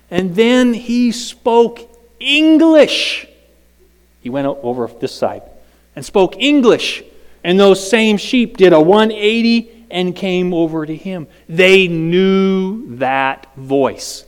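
High-voiced man preaching in a reverberant hall. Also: animated, slow, smooth. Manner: emphatic, storytelling, drops to whispers. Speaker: preacher and teacher. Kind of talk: sermon.

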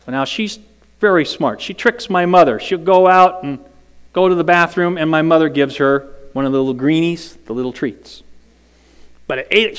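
A man's voice: on the high side, moderate pace, smooth. A man preaching a sermon, emphatic and storytelling, at times dropping to a whisper. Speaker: preacher and teacher. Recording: long hall reverb.

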